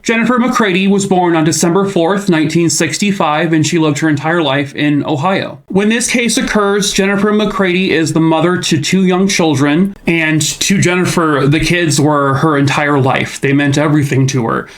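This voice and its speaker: Rambling American true crime storyteller. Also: male voice, a little high, moderate pace, hardly any pauses. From United States. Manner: rambling, lots of fillers and restarts. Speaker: true crime video host.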